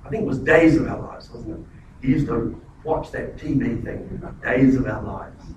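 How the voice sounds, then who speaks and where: A man's voice: mid-range voice, normal speed, heavy reverb, distant mic, lo-fi sound, background noise. A man preaching a sermon as a pastor in a church, emphatic, often repeating words and restarting phrases.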